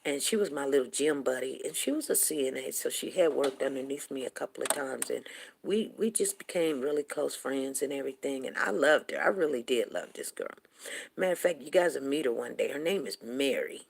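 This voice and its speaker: A woman in her forties hosting a show, telling a long personal story to her viewers in a chatty, animated way with quick laughs. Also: extremely low pitch, creaky, a little hiss or hum. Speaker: show host.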